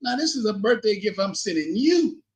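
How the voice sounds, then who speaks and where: A middle-aged man telling a story on his livestream, animated and indignant, cursing and quoting both sides of an argument. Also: high voice, normal speed. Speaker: livestream host.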